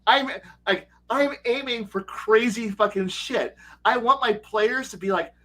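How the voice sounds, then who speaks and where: A man telling game master stories in casual livestream chat, excitable and rambling, with frequent swearing. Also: very high-pitched, unhurried. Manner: excitable, rambling, profane storytelling. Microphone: streaming setup mic.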